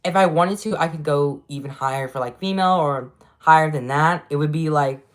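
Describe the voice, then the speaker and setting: Woman, low-ish natural voice, chatty livestream vlogger talking through her voice acting practice. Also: fairly quick. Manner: chatty, self-explaining, excitable. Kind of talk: casual livestream chat.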